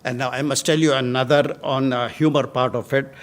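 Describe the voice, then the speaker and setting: An older man with an Indian English accent, a guest speaker telling lively stories to students and chuckling at his own tales. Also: medium pitch, a little fast. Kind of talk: anecdotal talk to students.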